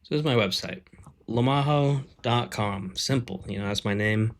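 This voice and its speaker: A man's voice: mid-range voice, normal speed. A man in his thirties, an artist on a live stream, rambling casually with lots of fillers and self-deprecating asides.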